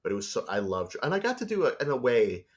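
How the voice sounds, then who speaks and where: A man speaking as a storyboard artist guest in a casual interview, telling stories in an animated way and acting out voices. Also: mid-range voice, quick pace.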